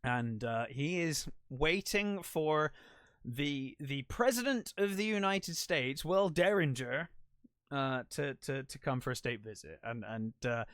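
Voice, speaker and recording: A man's voice: on the high side, slow, a bit bright, no room sound, clean studio sound. A man hosting a podcast on his own, giving a casual, rambling movie review with swearing and self-mocking asides. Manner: rambling, profane and self-deprecating. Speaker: podcast host. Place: lives in the United Kingdom.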